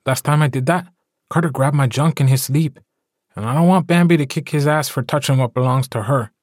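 A man's voice: medium pitch, a little fast, a little mellow, dry recording, voice pushed up, close to an everyday voice. Male narrator as a brash, teasing young man; storybook read, dry sound. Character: cocky, joking young man.

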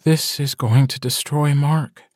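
A man's voice: fairly high pitch, steady tone, measured pace, a little mellow, no room sound, studio quality, voice pushed up, lightly acted. A man voicing a strong-willed woman, mate to a wolf pack leader, in a pleading and defiant tone in an audiobook. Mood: grim. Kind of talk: audiobook character voice.

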